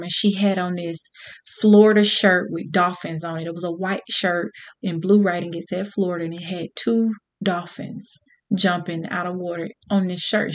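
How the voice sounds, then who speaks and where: A woman telling a personal story to an audience in a candid, profane, animated way. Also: mid-range voice.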